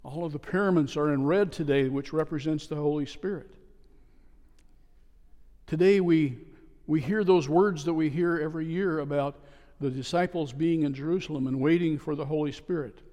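Pastor preaching in a reverberant church. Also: male voice, fairly high pitch, moderate pace, dark tone. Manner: storytelling, earnest and plain. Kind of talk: sermon. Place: church sanctuary. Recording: long reverb of a church hall.

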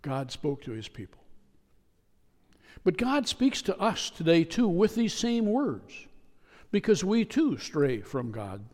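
A man preaching a sermon in a church, speaking in a measured, repetitive way with emphatic pauses. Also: high-pitched, big pitch swings, a little mellow. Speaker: pastor. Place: church sanctuary. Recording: long reverb of a church hall.

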